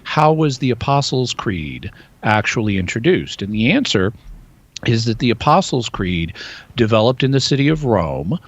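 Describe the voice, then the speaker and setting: A man answering a listener's question on live radio in a calm, steady, explanatory way. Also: medium pitch, normal speed, muffled recording. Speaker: radio show guest expert answering questions. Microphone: studio microphone.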